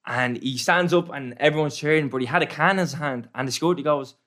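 Fast-talking Irish man telling stories. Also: fairly high pitch. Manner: brash, animated storyteller with slang. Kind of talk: casual storytelling chat.

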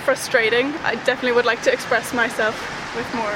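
A woman's voice: fairly high pitch, flat delivery, fast talker. A young woman college student answering a street interview in a friendly, chatty way with lots of fillers. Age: young adult. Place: outdoors on a street. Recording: street recording with traffic noise. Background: traffic.

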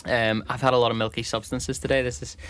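बड़बड़ाता नॉर्दर्न आयरिश आदमी. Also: male voice, mid-range voice, level tone, quick pace, fairly bright tone, slight background noise. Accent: Northern Irish. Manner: rambling, self-deprecating storyteller. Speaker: podcast co-host. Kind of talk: casual chat.

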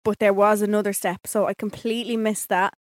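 A woman's voice: medium pitch, little pitch movement, fairly quick, dry recording, studio quality. A woman co-hosting a casual podcast chat, telling a self-deprecating story. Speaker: podcast co-host.

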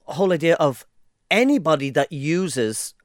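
Irish man, lively stop-start podcast talk. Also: on the high side, unhurried, no echo, studio quality. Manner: animated, stop-start with many restarts. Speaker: podcast co-host. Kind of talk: casual chat.

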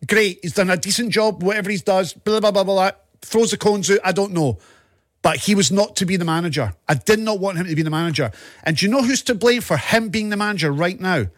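Ranting Scottish man, high voice. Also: fast, no room sound, studio quality. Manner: ranting, sweary, impassioned. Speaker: podcast co-host. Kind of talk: casual football chat.

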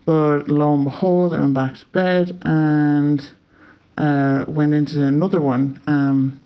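A young Irish man tells a story in a loose, chatty way, dropping swear words and "like" all through. His voice sits a touch higher than most men's. The recording is a bit dull and muffled. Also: little pitch movement, slow pace, smooth. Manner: chatty, swears often, many filler "like"s. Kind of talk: casual spoken storytelling. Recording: slightly muffled lo-fi audio.

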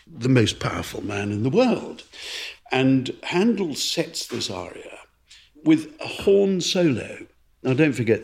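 A man, a conductor and co-host, explaining opera in a measured, explanatory podcast chat. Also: medium pitch, gravelly.

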